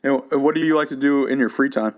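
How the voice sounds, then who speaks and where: Podcast host, male, quick-talking, eager questions full of fillers. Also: mid-range voice. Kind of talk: casual interview.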